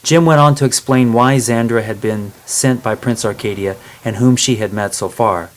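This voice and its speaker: A man narrating a chapter of a travel novel in a steady, plain reading voice. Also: medium pitch, normal speed, hardly any pauses. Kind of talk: storybook narration.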